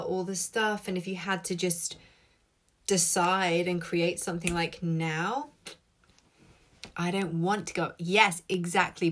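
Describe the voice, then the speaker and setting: A woman talks casually to viewers on a live stream from her laptop, chatty and swearing freely. Her voice sits a little low, loose and conversational as she reacts to comments. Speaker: host of live tapping session.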